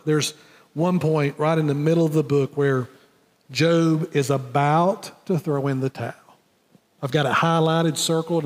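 A man with a high voice preaches in a church, his words carried by a long hall reverb. He swings from hushed, low phrases to loud, emphatic questions. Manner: emphatic preacher, drops soft and rises loud. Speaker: pastor. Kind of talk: sermon. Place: church sanctuary.

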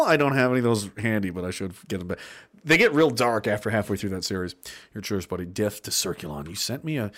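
A man's voice: lowish voice, animated, quick pace, fairly bright tone. A man in his thirties hosting a stream, reading chat messages aloud and ranting with a lot of profanity. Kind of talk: casual livestream rant.

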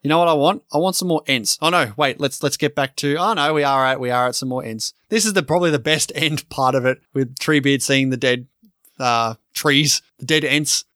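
A man in casual podcast banter who rambles and catches himself mid-thought. His voice sits at a medium pitch. The recording is dry and close. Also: a little fast, bright, forceful tone, dry recording. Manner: rambling, self-correcting, teasing. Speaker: podcast co-host. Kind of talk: casual film discussion.

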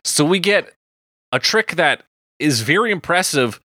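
A man co-hosting a casual movie-review podcast, animated, swearing freely and laughing often. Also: fairly high pitch, unhurried, no echo, clean studio sound. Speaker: podcast co-host.

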